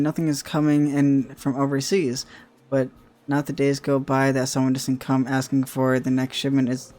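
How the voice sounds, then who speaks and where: A man's voice: medium pitch, a little mellow, natural voice. A man voicing a tired, hungry male stock taker from a game, reading the lines in a plodding way with restarts. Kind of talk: reading game dialogue aloud.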